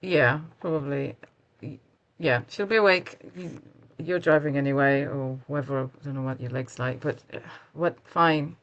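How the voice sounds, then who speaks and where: A man playing a tabletop game, talking in character and out, slow and rambling with fillers. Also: mid-range voice, a bit bright, lo-fi sound. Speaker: player. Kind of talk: casual in-character play.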